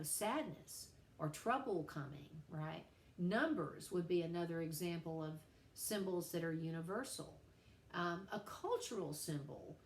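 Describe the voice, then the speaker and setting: Middle-aged woman teacher, low-pitched, chatty lecture with playful asides, echoey room. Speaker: writing teacher. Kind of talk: recorded class lecture.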